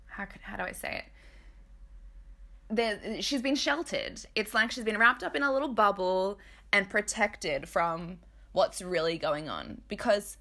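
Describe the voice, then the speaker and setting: Candid woman chatting a tv recap, swears a lot, bright voice. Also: mid-range voice, measured pace. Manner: candid, chatty, blunt and profane. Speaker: host. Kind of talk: casual TV recap chat.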